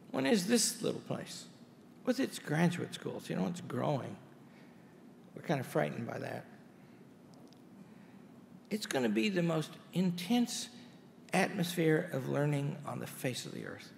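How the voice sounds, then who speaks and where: A man's voice: fairly high pitch, sing-song, a little slow, vocal fry, pauses often, slight background noise. A man, a college president, giving an anniversary speech to an audience in a large hall, telling folksy stories with wry asides. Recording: hall reverb with faint ambience.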